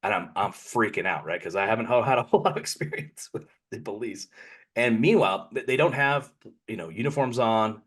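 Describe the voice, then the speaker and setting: A man's voice: fairly low pitch, expressive, brisk, fairly bright tone, breathy edge. A man co-hosting a podcast, telling a long personal story in a casual, rambling way and often correcting himself mid-sentence. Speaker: podcast co-host.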